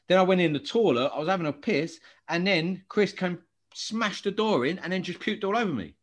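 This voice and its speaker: A man's voice: high voice, animated, brisk, a bit bright. Guy on a footy podcast, laughing through his stories, blokey slang. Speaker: podcast co-host. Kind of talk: casual chat.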